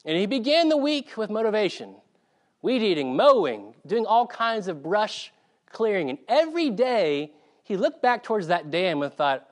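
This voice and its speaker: A preacher from South Carolina delivers a sermon with animated storytelling. His voice sits high for a man and swings widely in pitch, which keeps the delivery lively. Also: moderate pace.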